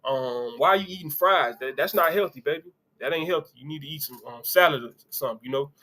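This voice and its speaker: Bright-voiced man riffing on college football. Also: a little high, quick pace. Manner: loose, conversational, reads comments aloud with asides. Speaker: sports show host. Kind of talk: casual sports commentary live stream.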